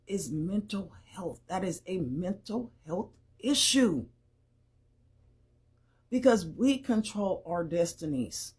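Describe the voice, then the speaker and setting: Husky older woman, emphatic and lively. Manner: emphatic, with sharp swings in pitch. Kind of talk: opinionated commentary.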